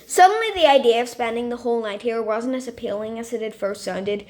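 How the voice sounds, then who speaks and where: A woman reading a novel chapter aloud in steady storytelling, with occasional slips. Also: fairly high pitch, brisk. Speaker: story reader.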